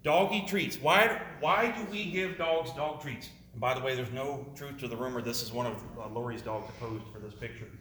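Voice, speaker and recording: A man's voice: mid-range voice, normal speed, hardly any pauses, bright, forceful tone. Roomy-sounding man quizzing an audience. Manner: asks audience questions, repeats words, jokey asides. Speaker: speaker presenting to an audience. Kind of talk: interactive presentation with slides. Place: room with a live audience. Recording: roomy with faint noise.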